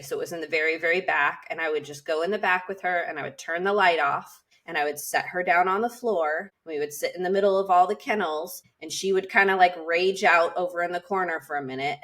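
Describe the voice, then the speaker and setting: A woman podcast host telling a story in casual conversation, in an animated storytelling manner. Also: low-pitched.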